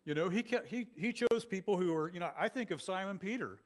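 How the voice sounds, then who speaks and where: A male pastor giving a sermon in a conversational, animated style with many asides to the congregation. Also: high-pitched, a little fast.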